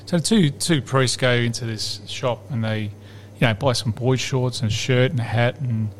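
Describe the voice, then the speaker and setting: A man's voice: medium pitch, moderate pace, a little hiss or hum. A man, a podcast host telling a long rambling joke in casual chat. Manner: rambling, lively, laughs at his own joke.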